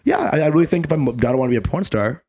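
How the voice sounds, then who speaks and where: A man's voice: fairly high pitch, animated, rapid-fire. A young man from Bangladesh co-hosting a comedy podcast, talking crude and laughing often. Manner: crude, laughing, slips into loud mock voices. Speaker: podcast co-host. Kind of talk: casual comedy chat.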